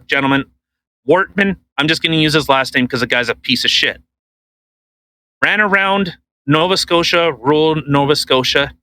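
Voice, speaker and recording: A man's voice: on the high side, rough recording. A man co-hosting a podcast, ranting casually with lots of swearing and mocking impressions. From Canada. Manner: animated, swears a lot, mocking put-on voices. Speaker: podcast co-host. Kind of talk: casual profane podcast rant.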